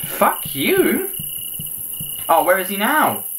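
A man's voice: high voice, wildly swooping pitch, slow, a bit bright, a little hiss or hum. A man commentating his own horror game playthrough, jumpy and swearing, yelping when startled. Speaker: gaming video host. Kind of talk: let's play commentary.

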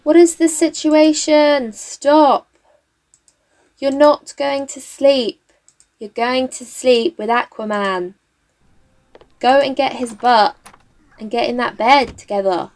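A woman with a somewhat high voice talks through a game at her home desk mic. She laughs often and scolds the characters as she plays, chatting casually the whole way. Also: slow pace, a little mellow. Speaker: gaming YouTuber. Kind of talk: casual gameplay commentary. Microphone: desk mic with face cam.

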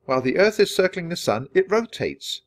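A man's voice: sits high, big pitch swings, brisk, voice pushed up. A man voicing a bold, curious young girl who talks eagerly and insists on her point.

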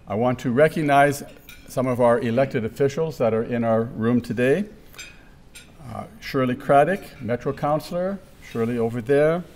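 A man's voice: mid-range voice, a little mellow. Man welcoming a business forum. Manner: thanks sponsors and names guests, friendly and informal. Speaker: chamber of commerce event host. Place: meeting room.

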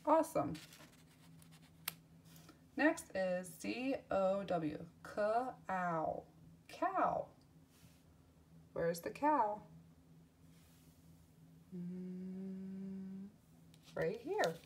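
This children's lesson features a woman with a mid-range voice who draws out her words and pauses often, with slight noise in the background. She spells words letter by letter, repeats them in a sing-song manner, and praises the kids cheerfully.

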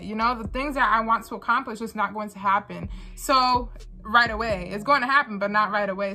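Young female vlogger, bright and forthright, circles back on her points; candid talking-head delivery. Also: on the high side. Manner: earnest, repeats phrases for emphasis. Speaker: vlogger and small business owner.

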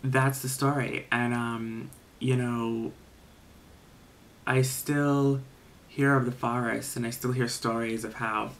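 Young guy for a storytime vlog, rambling, filler-heavy, swears casually, mid-pitched voice. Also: slight background noise.

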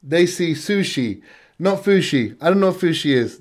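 Hyped guy reacting to tracks, slangy and chatty, voice sits a bit high. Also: a little slow. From United Kingdom. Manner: excitable, slangy, bursts of hype. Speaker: music reaction host. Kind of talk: casual reaction commentary.

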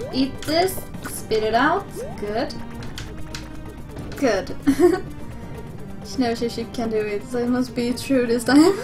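A young woman streaming a platform game live, swearing freely and talking to her chat. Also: high-pitched. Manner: swearing, excitable, talks to chat. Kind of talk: live gameplay commentary.

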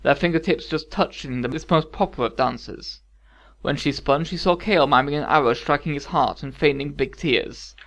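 A man narrating a fairy-tale story calmly with wry asides. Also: a little high, moderate pace. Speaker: audiobook narrator. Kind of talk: scripted narration.

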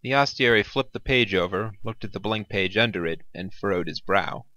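A man narrating a science fiction story in a measured, wry storytelling manner. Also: on the low side, bright, forceful tone, no echo. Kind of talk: audiobook narration.

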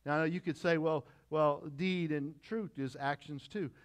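A man's voice: on the high side, fairly even intonation, a little slow. Man preaching a folksy sermon. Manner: conversational preaching with repeated phrases and asides. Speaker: pastor.

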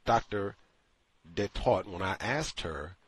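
Male call-in host, low husky voice, animated emphatic delivery, dry close sound. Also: slow, dry recording. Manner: emphatic, incredulous, acts out quotes. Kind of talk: opinionated radio monologue.

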